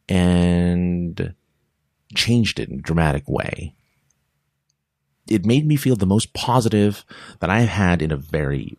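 A man's voice: low-pitched, creaky, no room sound, clean studio sound. A man telling a rambling personal story in a casual monologue to his listeners, often cutting himself off mid-sentence. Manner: rambling, self-interrupting, animated storytelling.

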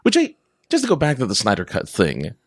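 A man's voice: fairly low pitch, huge pitch swings, fairly quick, husky, dry recording, studio quality. A man hosting a podcast in a casual, rambling monologue, going off on tangents and laughing often. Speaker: podcast host.

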